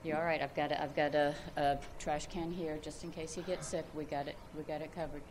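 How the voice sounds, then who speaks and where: A woman therapist guiding a session with calm, repetitive reassurance and insistent prompting. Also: deep voice, brisk, noisy background. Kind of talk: guided exposure therapy session.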